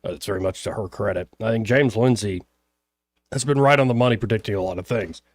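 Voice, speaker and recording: A man's voice: fairly low pitch, fast, no echo. Male talk radio host, Alabama accent, easygoing and chatty, dry studio sound. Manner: chatty, joking with studio crew. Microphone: studio microphone.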